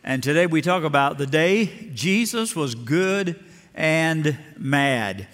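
Older Alabama-raised pastor, reverberant hall. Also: male voice, fairly high pitch, animated, slow pace, a bit bright. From Lower Alabama. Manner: folksy storytelling, acting out voices in stories. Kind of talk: sermon.

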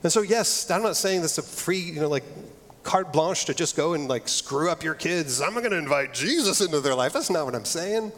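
A man's voice: on the high side, moderate pace, fairly bright tone. Earnest man preaching in a reverberant hall. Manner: earnest, conversational preaching with frequent restarts. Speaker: pastor. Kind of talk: sermon. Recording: long reverb of a large hall.

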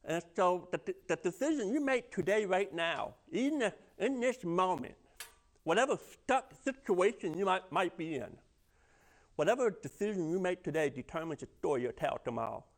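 High-voiced pastor telling a story. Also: male voice, lively intonation, normal speed. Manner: storytelling with many stammered restarts. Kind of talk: sermon.

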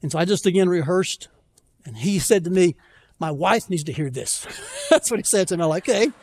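A man preaching a conversational sermon as pastor, telling stories with self-deprecating humor and slowing down to plead earnestly. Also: high voice, darkish tone. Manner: conversational storytelling, self-deprecating, pleading slowly at key points. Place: church.

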